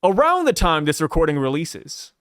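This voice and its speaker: A man's voice: fairly high pitch, huge pitch swings, normal speed, fairly bright tone, clear, resonant tone, no echo, clean studio sound. A man hosting a casual podcast discussion, laid-back and jokey, poking fun at himself. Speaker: anime podcast host. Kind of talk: casual chat.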